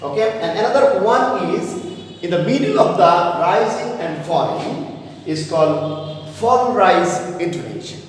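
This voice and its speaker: Echoey, slow-talking male teacher. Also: high voice, expressive. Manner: hesitant, many fillers and repetitions. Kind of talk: explaining to young students. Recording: echoey room, voice far from the mic, faint noise.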